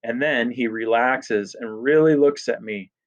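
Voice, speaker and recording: Speaking at a measured pace in a medium pitch, a male audiobook narrator gives a casual first-person telling in a teenage boy's voice. The recording is dull and lo-fi.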